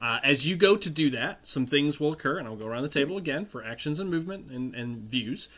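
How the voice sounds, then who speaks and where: Lively, bright-voiced male game master. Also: fairly high pitch. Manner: halting, full of ums and restarts. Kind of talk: narrating a tabletop game.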